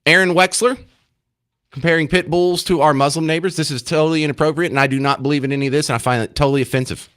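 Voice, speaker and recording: A man's voice: fairly high pitch, fairly even intonation, quick pace, a bit bright, no echo, clean studio sound. A man hosting a talk radio show, chatting in a rambling, self-mocking way. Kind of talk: casual talk radio monologue. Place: radio studio.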